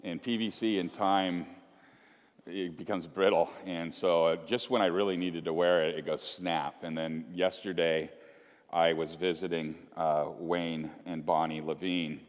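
A man's voice: low voice, flat delivery, measured pace. A male pastor preaching a sermon in a church, telling homely stories in a conversational, self-deprecating way with frequent restarts. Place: church sanctuary. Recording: long reverb of a church sanctuary.

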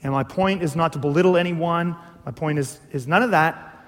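A male pastor preaching a sermon, animated and full of rhetorical questions, acting out little dialogues. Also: a little high, fairly quick. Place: church hall. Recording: long hall reverb.

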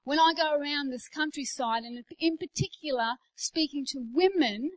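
A woman in her forties giving a conversational sermon to church leaders, telling personal stories, moving between hushed asides and emphatic declarations. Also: high-pitched, moderate pace, rough recording. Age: 40s. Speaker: pastor speaking at a leadership day.

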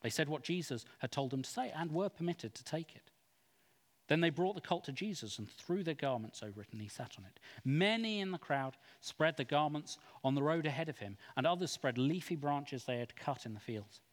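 Expressive man reading scripture aloud. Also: a little high, normal speed. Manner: expressive, acts out quoted speech. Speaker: scripture reader. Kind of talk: dramatic Bible reading. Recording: long hall reverb.

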